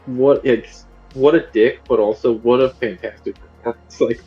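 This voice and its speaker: A man's voice: medium pitch, steady tone, moderate pace, dull audio, faint music behind. A man co-hosting a podcast, chatting casually about a film in a rambling way with many fillers and restarts. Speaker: podcast co-host.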